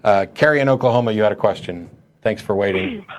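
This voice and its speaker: A man with a fairly low voice hosts a call-in show and introduces callers. He talks fast and reassuringly, pushing his questions out quickly. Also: slight background noise. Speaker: host.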